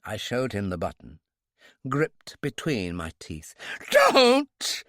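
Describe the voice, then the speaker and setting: A man narrating a thriller audiobook in the first person, in a measured, dramatic manner. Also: low-pitched, sing-song, no echo, studio quality.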